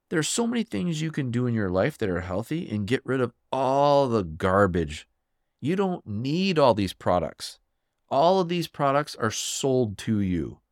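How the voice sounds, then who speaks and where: A man hosting a solo podcast, ranting in a fired-up, emphatic way and swinging his pitch for effect. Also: no room sound, studio quality. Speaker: podcast host.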